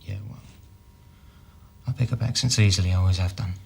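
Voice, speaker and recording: An evasive Cockney suspect. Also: male voice, low voice, fairly quick, gravelly, slightly rough, exaggerated voice. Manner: defensive, evasive. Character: evasive young male city trader suspect. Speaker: suspect in police interview.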